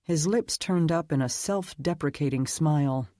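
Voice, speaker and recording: Male audiobook narrator, measured dramatic reading, dry close recording. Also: a little high, warm tone, no echo. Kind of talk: scripted narration.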